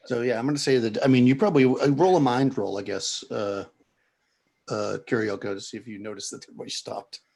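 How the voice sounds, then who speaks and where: A man's voice: mid-range voice, quick pace, gravelly, a little mellow, breathy edge. A man narrating a tabletop game as game master, rambling descriptions with many restarts. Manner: rambling, full of fillers and restarts.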